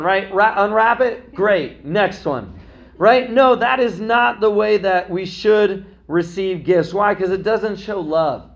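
Conversational preaching man, slightly high. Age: young adult to middle-aged, a parent. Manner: conversational preaching, frequent "right?" asides. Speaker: pastor. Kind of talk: sermon.

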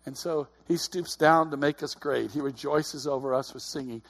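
A man's voice: fairly high pitch, moderate pace. A man in his fifties preaching a sermon in a conversational way, with repeated calls of "Amen?" and laughing asides. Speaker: pastor.

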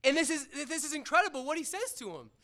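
A man's voice: extremely high pitch, animated, fast talker, bright, forceful tone. A man giving an earnest, conversational sermon to teens, retelling scripture in everyday words.

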